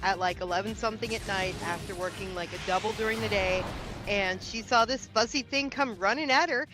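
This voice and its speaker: A woman in her forties, chatty and animated, telling funny stories during a game session. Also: medium pitch, a little fast. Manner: chatty, animated storyteller, self-deprecating. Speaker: player in group chat. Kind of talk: casual gaming chat, storytelling. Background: game music.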